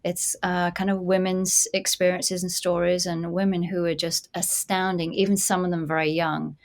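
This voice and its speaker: A woman's voice: fairly low pitch, level tone, normal speed. A British woman, an actor guesting on a podcast, chatting casually and a little self-deprecating. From Britain.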